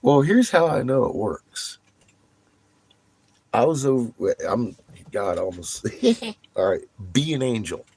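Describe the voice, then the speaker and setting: A man telling a rambling story in a casual, profane monologue, laughing between bursts of excitement. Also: medium pitch, slow pace, pauses often, husky. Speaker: vlogger.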